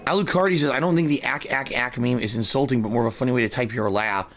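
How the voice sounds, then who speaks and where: A man's voice: medium pitch, fast, a bit bright, slight background noise. A man streaming to his chat, ranting in an angry, profane, defensive way. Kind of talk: livestream rant to chat.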